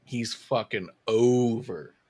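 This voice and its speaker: A man's voice: mid-range voice, slow, darkish tone. A man co-hosting a wrestling podcast, telling casual, profane anecdotes in a laid-back way. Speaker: podcast co-host.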